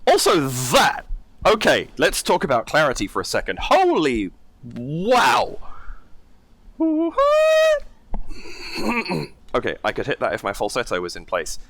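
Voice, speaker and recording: A man's voice: medium pitch, wildly swooping pitch, moderate pace, a bit bright. A man hosting a reaction video, talking casually and enthusiastically as he breaks down vocal technique. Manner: enthusiastic, exclaims and analyzes singing technique. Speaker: reaction channel host.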